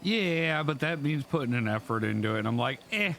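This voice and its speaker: A man's voice: mid-range voice, fairly quick, a bit bright, slight background noise. A tired, sick man co-hosting a laid-back gaming chat, laughing often. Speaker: gaming video co-host.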